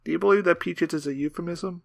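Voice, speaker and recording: A woman's voice: on the low side, fast talker, gravelly, no echo, clean studio sound. A woman co-hosting a podcast, joking crudely in casual chat. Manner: joking, crude, sings bits. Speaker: podcast co-host.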